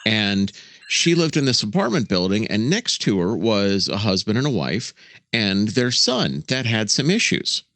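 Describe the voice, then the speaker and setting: Lively, animated man telling stories. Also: lowish voice, a little slow, no room sound. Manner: animated storyteller who mimics voices. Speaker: podcast co-host. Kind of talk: casual comedic chat.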